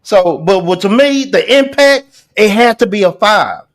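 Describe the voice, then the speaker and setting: A man with a strikingly high voice hosts a casual poetry talk. He talks in loose slang and keeps circling back with restarts. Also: a little slow. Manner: animated, repetitive restarts, slangy. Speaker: host. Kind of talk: casual chat.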